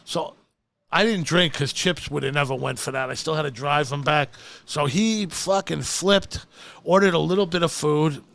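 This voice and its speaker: A man, a comedian telling stories in casual talk, profane and animated as he acts out quotes. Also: fairly high pitch, normal speed, gravelly, dry recording. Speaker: podcast guest, comedian. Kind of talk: casual storytelling.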